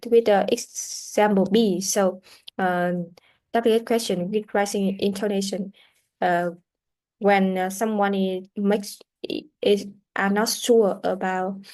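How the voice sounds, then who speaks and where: A female teacher walks a class through English pronunciation, taking her time and often breaking off to restart a sentence. The pitch is medium and the tone leans dark.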